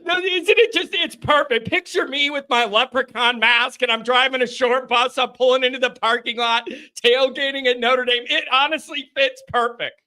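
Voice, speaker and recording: High, bright-voiced male live-stream host. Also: moderate pace, few pauses. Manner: animated, ranting and sarcastic. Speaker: host of a live fan call-in show. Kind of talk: casual live-stream chat reading viewer comments.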